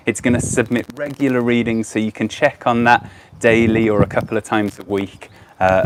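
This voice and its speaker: A man with a Brummie accent presenting an educational live stream outdoors, chatty and upbeat, with frequent ums and uhs. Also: mid-range voice. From Birmingham, England. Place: outdoors by a car park. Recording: noisy outdoor phone stream.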